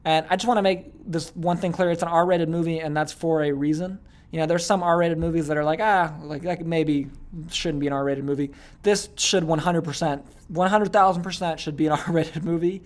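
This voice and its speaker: A young man coaches sales in a casual online course, speaking at normal speed in a slightly high voice with fairly even intonation. He's chatty, repeats words, and says "okay" and "like" a lot.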